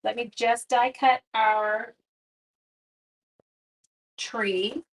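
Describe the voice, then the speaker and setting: A woman, hosting a casual livestream craft demo, chatty, giggly and quick to poke fun at herself. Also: on the high side, steady tone. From Canada. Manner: chatty, giggly and self-deprecating. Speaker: craft class host and schoolteacher.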